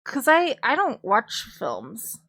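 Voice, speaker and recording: A woman's voice: a little high, huge pitch swings, slow, pushed and bright, slightly rough. A woman streamer talking in a loose, casual way, rambling with lots of fillers, restarts and the odd swear word. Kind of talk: casual chat.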